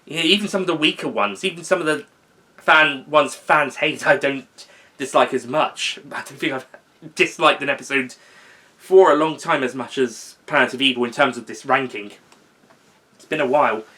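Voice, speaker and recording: A young man talking casually in an unscripted video, rambling, correcting himself and filling pauses with um. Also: mid-range voice, bright, forceful tone. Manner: rambling, with fillers and self-corrections. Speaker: video host ranking seasons.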